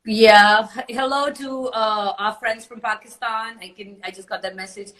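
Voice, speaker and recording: A woman in her forties chats on a phone, telling her side of a story. Her voice sits a little high, and her talk is full of "uh" and "um" as she works through it. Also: fairly even intonation, normal speed, a crowd in the background, rough recording. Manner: chatty storytelling, many fillers. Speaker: live stream host. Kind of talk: casual chat on a live stream.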